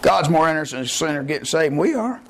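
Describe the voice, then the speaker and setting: A man preaching a sermon as pastor of a church, impassioned and folksy, rising to shouts. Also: fairly high pitch, expressive, fast talker.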